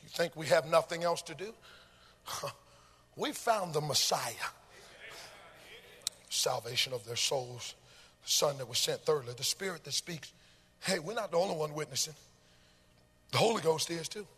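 A man a sermon in a rhythmic, sung cadence that swells into shouted chanting. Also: fairly high pitch, expressive, normal speed, long pauses, slightly rough, big-room sound. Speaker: preacher.

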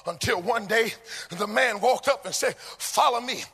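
A man a sermon in a rhythmic, sung cadence that swells into shouted chanting. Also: extremely high pitch, a little slow, breathy edge, in a large hall. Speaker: preacher.

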